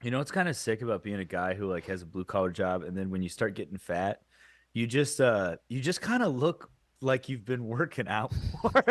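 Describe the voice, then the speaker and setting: A man's voice: mid-range voice, expressive, a little fast, a bit bright, no echo. A young man co-hosting a comedy podcast, rambling through stories and laughing at his own jokes. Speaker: podcast co-host. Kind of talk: casual comedic chat.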